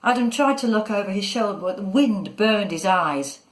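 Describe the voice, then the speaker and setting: A woman narrating a children's story in a measured, expressive way. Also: medium pitch. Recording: echoey room.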